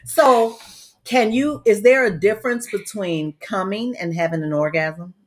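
A woman's voice: mid-range voice, a little slow. A woman co-hosting a casual live stream, chiming in with sassy, teasing short asides. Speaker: co-host.

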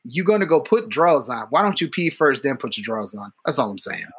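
A man's voice: medium pitch, animated, quick pace, a bit bright, slightly rough. A man co-hosting a casual podcast, telling profane stories and laughing often. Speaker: podcast co-host. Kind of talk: casual crude podcast banter.

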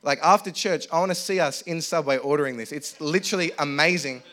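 A man's voice: fairly high pitch, fast, bright, forceful tone. A young man preaching a sermon, telling a funny story in a playful, self-mocking, chatty way with the congregation.

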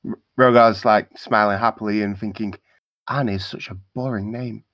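A man playing a tabletop game, making deadpan jokes about his character. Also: lowish voice, moderate pace, no room sound, lo-fi sound. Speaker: player.

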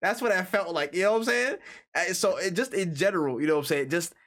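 A man co-hosting a casual gaming podcast, animated and profane, acting out imagined quotes. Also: sits high, fast talker. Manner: animated, acts out quotes, swears freely. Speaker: podcast co-host.

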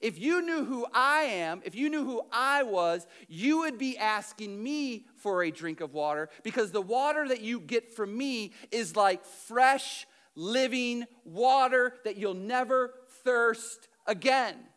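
A man voicing a calm, patient male teacher who speaks earnestly and with emphasis. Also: extremely high pitch, unhurried, hardly any pauses, clear, resonant tone, exaggerated voice.

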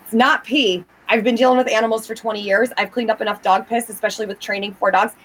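Emphatic, cursing woman with a higher voice. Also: fairly even intonation, fast talker, fairly bright tone, poor audio. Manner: emphatic and swearing often. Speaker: guest describing a haunting. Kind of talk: casual chat.

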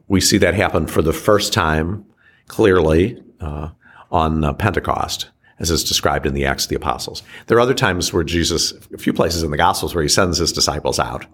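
Archbishop guy with a super deep voice, talking things through slowly. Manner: slow, measured and halting, with frequent restarts. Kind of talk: reflective teaching conversation.

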